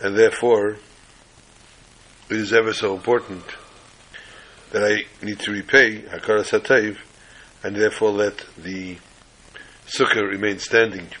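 Bright-voiced man telling a story. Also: on the low side, level tone, unhurried, long pauses, poor audio. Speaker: rabbi teaching a class. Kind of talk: storytelling lesson with corny jokes. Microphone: video call.

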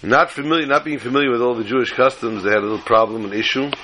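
A man's voice: medium pitch, rapid-fire, bright, forceful tone, a little hiss or hum, poor audio. A man, a rabbi giving a Torah class online, telling a story and weaving Hebrew and Yiddish words into his English. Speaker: rabbi teaching on the weekly Torah portion.

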